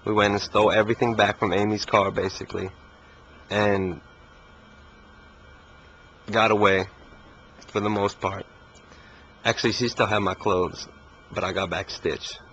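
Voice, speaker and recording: Laid-back young man, low voice. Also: level tone, measured pace, long pauses, a bit bright. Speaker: interviewee. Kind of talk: casual storytelling interview. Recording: muffled recording with faint hiss.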